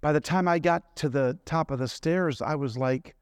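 A man's voice: a little high, moderate pace, few pauses, clean tone, dry recording, studio quality. A middle-aged man preaching a sermon, telling personal stories in a conversational way and asking the congregation questions.

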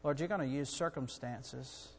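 A middle-aged man preaching a sermon in a church, earnest and building to loud, urgent storytelling. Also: medium pitch, normal speed, slight background noise. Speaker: guest preacher. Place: church sanctuary. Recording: long hall reverb.

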